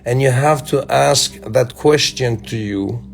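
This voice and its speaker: A man from Belgium with a Belgian French accent, a native French speaker, giving a reflective motivational talk to his fans in a slow, musing way with halting restarts. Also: mid-range voice, gravelly, faint music behind.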